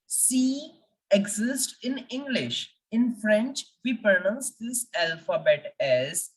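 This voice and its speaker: A woman teaching a French language lesson, speaking slowly and deliberately and repeating letters for practice. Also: mid-range voice, lively intonation, far from the mic, low-quality recording.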